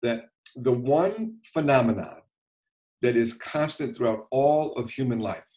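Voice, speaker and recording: A male physician speaks as a podcast guest, measured and thoughtful. He reflects slowly and carefully as he talks. His pitch is ordinary for a man. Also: darkish tone, poor audio. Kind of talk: reflective interview talk.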